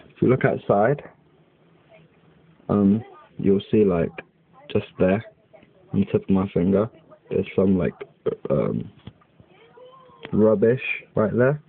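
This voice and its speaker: Slow-talking young man, tinny. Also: on the low side, expressive, creaky, slightly rough. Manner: rambling, heavy use of "like", lots of swearing. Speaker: vlogger. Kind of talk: casual rambling monologue. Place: indoors at home by a window. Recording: tinny lo-fi webcam audio.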